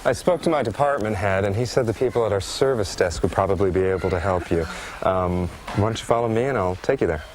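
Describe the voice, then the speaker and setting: An actor playing a polite, helpful store clerk in a training video. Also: male voice, on the low side, quick pace, darkish tone, a little hiss or hum, natural voice.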